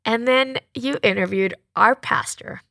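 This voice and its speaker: Immigrant woman co-hosting, bright voice w some fry, dry close mic, short prompts. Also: on the high side, measured pace, no echo. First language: not English. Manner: brief prompting replies, steers the chat. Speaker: podcast co-host. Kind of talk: casual chat.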